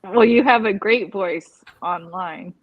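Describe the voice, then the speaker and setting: Woman, mid pitch, slow chatty pace, livestream chat. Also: dull audio, a crowd in the background. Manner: chatty, laughs easily. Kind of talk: casual late-night livestream chat.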